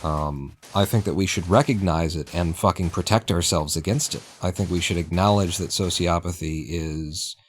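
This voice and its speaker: A man's voice: deep voice, normal speed, few pauses, a little hiss or hum. A man livestreaming as he plays a game, chatting in a rambling, opinionated way and laughing at his own jokes. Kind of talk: casual gameplay chat.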